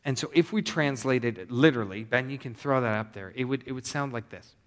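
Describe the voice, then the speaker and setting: A man's voice: mid-range voice, moderate pace. Man preaching in a reverberant hall. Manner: conversational, animated preaching with repetitions. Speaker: pastor. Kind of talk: sermon.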